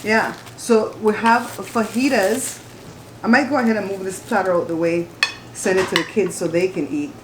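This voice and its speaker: A woman's voice: medium pitch, fairly even intonation, normal speed, background noise. A chatty woman hosting a casual mukbang at her home dining table, talking straight to her viewers as she eats. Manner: chatty, talkative, addresses viewers directly. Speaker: mukbang host. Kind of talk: casual chat while eating. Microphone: camera on the table. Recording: roomy room with clattering dishes.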